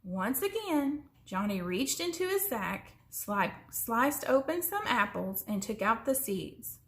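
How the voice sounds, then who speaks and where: A woman reading a children's story aloud in an expressive way, slowing down for suspense. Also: a little high. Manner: expressive, slows down for suspense, sometimes drops to a whisper.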